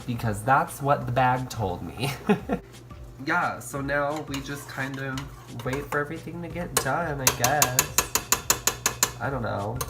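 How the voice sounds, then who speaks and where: A man's voice: medium pitch, takes it slowly, very noisy. A man vlogging while he cooks in his home kitchen, campy and playful, talking to viewers as sis and honey. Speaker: YouTuber cooking at home. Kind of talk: casual cooking vlog.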